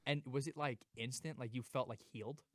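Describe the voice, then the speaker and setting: A man's voice: mid-range voice, brisk, no echo, studio quality. A man who is a comedian, a guest on a casual podcast, asking loose questions full of fillers.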